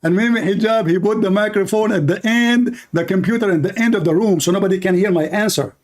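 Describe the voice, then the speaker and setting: Man, high voice, combative, repeats himself, tired-sounding, heated debate. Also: quick pace, a little mellow. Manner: combative, repeats words insistently, mocking laughs. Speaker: online debate host. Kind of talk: heated live-stream debate.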